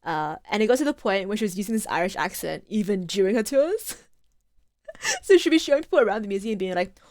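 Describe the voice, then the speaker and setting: A woman's voice: mid-range voice, expressive, quick pace, darkish tone, dry recording. A woman streaming a game, chatting casually and rambling between laughs. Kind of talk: casual gameplay commentary.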